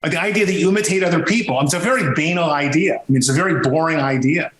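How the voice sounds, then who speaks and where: A man talking as a podcast guest, his voice sitting a little high for a man. He tells stories with animated swings of pitch when stressing a point. The sound carries a roomy echo around him. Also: very fast. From Sicilian heritage. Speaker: podcast guest, music historian. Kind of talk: conversational interview.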